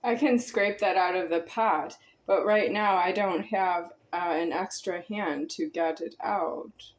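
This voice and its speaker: A woman's voice: fairly low pitch, a little slow. A woman in her forties giving a rambling, confrontational spiritual monologue to her viewers, repeating herself intensely. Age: 40s. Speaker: vlogger.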